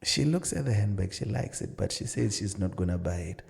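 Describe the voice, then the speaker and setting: Gravelly low-voiced man giving marriage advice. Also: expressive, brisk, darkish tone. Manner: earnest storytelling with many "you know" asides, acting out dialogue. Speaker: marriage counsellor and pastor, podcast guest. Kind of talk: casual advice-giving conversation.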